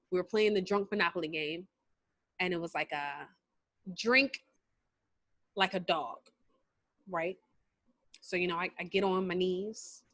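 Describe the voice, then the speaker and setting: A woman co-hosts a casual podcast chat and tells her stories with big, animated energy. She breaks into shouts and laughter. Her voice is dry and close, with no room sound. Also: medium pitch, no echo. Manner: loud, animated storytelling with bursts of shouting and laughter. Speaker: podcast co-host.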